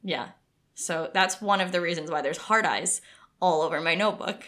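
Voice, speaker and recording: A woman's voice: fairly low pitch, moderate pace. A woman co-hosting a podcast, chatting casually about a book she loves, with lots of restarts. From United States. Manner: chatty, animated, with frequent restarts. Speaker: podcast co-host.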